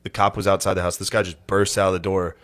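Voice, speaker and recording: A man's voice: low-pitched, little pitch movement, quick pace, fairly bright tone, no echo. A man co-hosting a podcast, telling stories with dry, wry jokes. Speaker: podcast co-host. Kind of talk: casual podcast chat.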